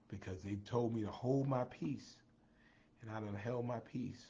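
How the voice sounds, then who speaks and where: A tired man chats on a livestream at a mid pitch and thanks viewers one by one. He leans on repetition, circling back to the same few phrases. The audio is dull and lo-fi. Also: unhurried, gravelly, mellow, slight background noise. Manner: greets viewers by name, repeats phrases. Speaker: livestream host. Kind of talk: casual livestream chat.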